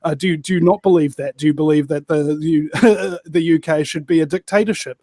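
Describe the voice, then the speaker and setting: A man's voice: fairly high pitch, steady tone, fairly quick, mellow, no echo. A man from New Zealand with a New Zealand accent, a guest telling stories and ranting in casual political chat, often saying "bro". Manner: ranting, storytelling, peppered with "bro".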